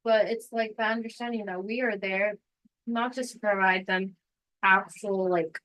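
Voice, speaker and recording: A woman who teaches, talking in a casual podcast chat. She speaks earnestly and reflectively, with a voice of middling pitch. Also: steady tone, normal speed, a bit bright, rough recording.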